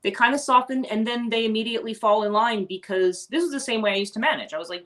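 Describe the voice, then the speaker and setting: A woman's voice: medium pitch, expressive, fast, a bit bright. A woman hosting a casual morning livestream, chatting with viewers and rambling with many restarts and asides. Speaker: host; teacher and life coach.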